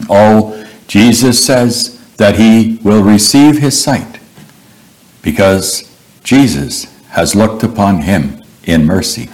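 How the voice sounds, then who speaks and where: A man preaching in a fairly low voice, taking his time over every phrase. His delivery is earnest and measured as he retells Bible stories in a sermon. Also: expressive, a little mellow, poor audio.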